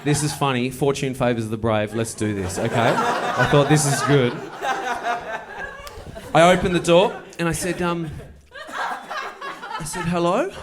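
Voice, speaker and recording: A man doing stand-up, telling a story with wry, deadpan delivery and playful asides. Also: on the high side, normal speed, over a noisy crowd. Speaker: stand-up comedian. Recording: live show with audible noise. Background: audience laughter.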